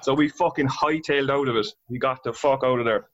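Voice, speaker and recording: A man's voice: medium pitch, quick pace, a bit bright. An Irish man in his thirties, a band guitarist, telling tour stories casually, swearing a lot and laughing as he goes. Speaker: band guitarist and singer, guest. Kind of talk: casual storytelling. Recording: dull lo-fi sound.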